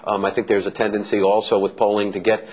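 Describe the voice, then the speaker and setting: Fast-talking Southern professor, husky voice. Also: male voice, on the low side, completely flat delivery, darkish tone, rough recording. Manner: measured, analytical, explains with numbers. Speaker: political science professor. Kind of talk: expert answering interview questions.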